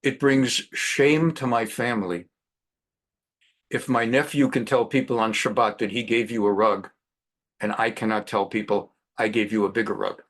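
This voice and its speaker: A man voicing a proud, insistent older Persian uncle with a heavy Persian accent, speaking slowly and solemnly. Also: fairly low pitch, steady tone, a bit bright, voice pushed down. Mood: solemn insistence. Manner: slow, solemn, pleading.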